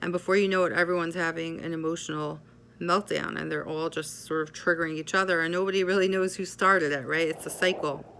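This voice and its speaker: A woman psychotherapist giving a measured explanatory talk, often checking in with "right?". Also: deep voice, fairly even intonation, gravelly, fairly bright tone, slight background noise.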